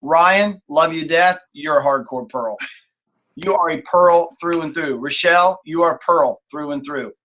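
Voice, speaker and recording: A man leads a team call and coaches in a lively, informal way. He often acts out examples, and his voice sits a little on the high side. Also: normal speed, dull audio. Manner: animated, acts out examples in changing tones.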